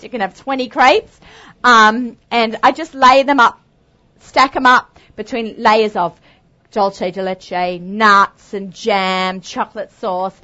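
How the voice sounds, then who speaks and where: The recording is dull lo-fi, capturing an Australian woman whose voice is fairly high and fairly bright. As a cooking show host doing a live demonstration, she talks chattily and cheerfully, adding many asides.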